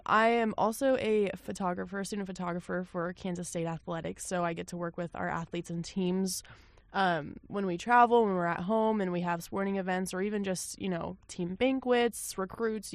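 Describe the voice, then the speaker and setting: A woman's voice: fairly low pitch, dry recording. A young woman from Colorado, a college junior, co-hosting a campus radio show in a friendly way, with many ums and you-knows. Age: young adult. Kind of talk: casual radio chat.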